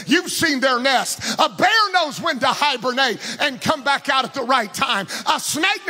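Brief: male Pentecostal pastor, very high voice, shouting sing-song delivery. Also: animated, measured pace. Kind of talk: Pentecostal sermon. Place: church.

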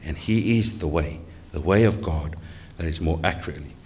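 A man's voice: a bass voice, brisk, darkish tone, slight background noise. A male pastor from Tonga preaching a sermon in a church, earnest, putting questions to the congregation.

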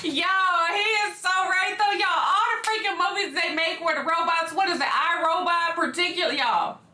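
A woman's voice: extremely high pitch, moderate pace, roomy sound, noisy background. A young woman hosting a reaction vlog, chatty and constantly checking in with her viewers. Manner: chatty, repeats "okay?" and "y'all" often. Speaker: reaction video host. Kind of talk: casual reaction vlog chat.

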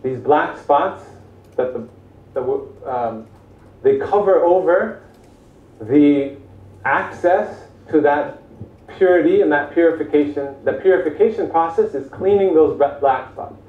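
A man giving a thoughtful, halting lecture on spiritual psychology, with frequent pauses and restarts. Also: fairly high pitch. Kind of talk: explanatory lecture. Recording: echoey room, far from mic, phone-like lo-fi sound.

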